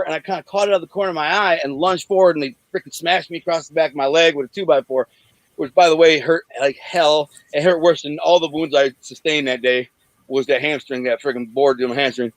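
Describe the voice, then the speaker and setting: A man in his forties from Detroit, bluntly telling rough stories in an interview over a video call, rambling with many restarts. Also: fairly high pitch, fast, a bit bright, dry recording, poor audio. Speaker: interview guest. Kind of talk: candid storytelling in an interview.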